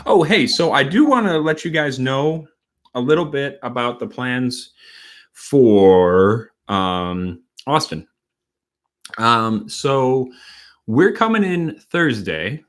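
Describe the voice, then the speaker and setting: A man from Wisconsin hosting a casual late-night livestream, a bit tipsy, rambling and halting as he talks. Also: medium pitch, lively intonation, a bit bright. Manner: rambling, halting, with many fillers and restarts. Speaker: host.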